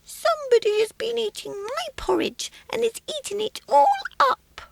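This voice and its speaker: A woman voicing a small baby bear from a children's storybook in a very high, squeaky baby voice. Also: lively intonation, moderate pace, creaky, heavily acted, poor audio. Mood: whiny.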